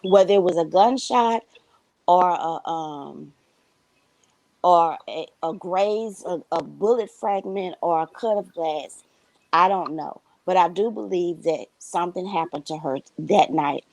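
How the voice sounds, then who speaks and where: A woman's voice: lowish voice, measured pace, darkish tone, no echo, poor audio. A woman co-hosting a casual commentary show, giving blunt, profane opinions.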